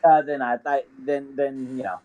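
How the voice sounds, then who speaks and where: A man co-hosting a podcast in casual chat, hesitant and halting, often restarting his sentences. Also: mid-range voice, little pitch movement, darkish tone, lo-fi sound. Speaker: podcast co-host.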